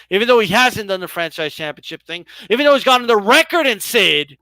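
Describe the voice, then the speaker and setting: A man giving heated boxing commentary on a live stream, sarcastic and exasperated, talking in rapid rants. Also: high voice, expressive, pushed and bright, dry recording.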